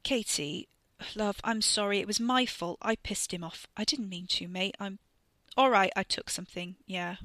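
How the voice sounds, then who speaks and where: A woman's voice: mid-range voice, normal speed, sharp tone, dry recording, lightly acted. A woman doing an anxious, placating young man. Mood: apologetic. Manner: placating, apologetic, rough slang. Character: anxious young man trying to calm his brother.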